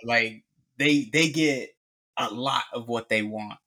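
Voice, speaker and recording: A man's voice: medium pitch, slow pace, sharp tone. Earnest, opinionated middle-aged man. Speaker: podcast co-host. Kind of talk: casual chat.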